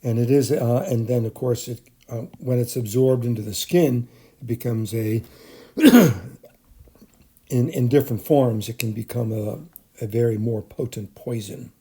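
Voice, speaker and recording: A man's voice: medium pitch, steady tone, unhurried, dark tone, breathy edge. A middle-aged man giving a recorded chemistry lecture for a screencast, speaking off the cuff with frequent fillers and restarts. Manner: unscripted, many fillers and restarts. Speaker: chemistry teacher.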